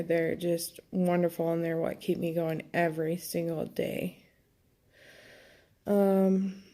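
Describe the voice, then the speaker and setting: A young woman speaks candidly to her viewers in a personal vlog, pausing and restarting as she thinks aloud. Her voice sits low and carries a gravelly edge. The tone is mellow and fairly flat. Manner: candid, reflective, halting with many fillers. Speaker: vlogger. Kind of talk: personal vlog talking to camera.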